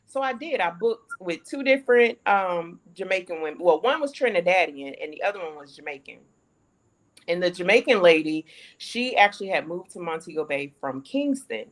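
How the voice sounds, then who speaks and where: A woman from the United States telling a lively story in a casual chat, acting out the dialogue. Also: lowish voice, normal speed. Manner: animated storyteller acting out quoted dialogue, laughing often. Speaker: panelist sharing her relocation story.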